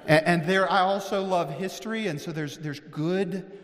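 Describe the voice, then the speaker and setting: A high-voiced man from Missouri delivers a sermon, earnest and searching, with frequent restarts and slowed, weighted phrases. His voice carries a long reverb, as if filling a church sanctuary. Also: steady tone, a bit bright. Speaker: pastor.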